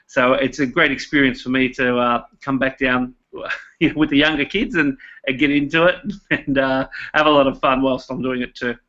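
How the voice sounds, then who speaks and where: A man's voice: medium pitch, normal speed. A man with an Australian accent, a primary school teacher talking casually as a guest over a video call, with many fillers and restarts. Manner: relaxed, many fillers and repeated words. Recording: dull lo-fi video call audio.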